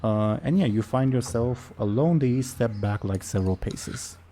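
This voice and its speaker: A man's voice: mid-range voice, animated, moderate pace, mellow. A man running a tabletop game as game master, hesitant and full of fillers.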